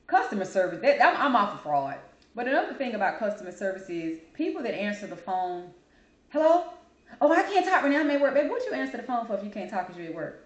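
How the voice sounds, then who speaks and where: Sassy woman ranting in an echoey room. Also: mid-range voice. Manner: sassy, animated, calls listener "baby". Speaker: host. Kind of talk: casual opinion monologue.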